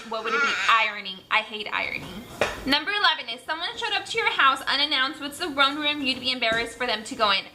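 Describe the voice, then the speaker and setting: A young woman with a high voice chats at home, reading tag questions aloud and answering them candidly and loosely. Her tone is bright and clear. A faint hiss of background noise sits under the home recording. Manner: chatty and candid, with many fillers. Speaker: mom vlogger. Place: home room.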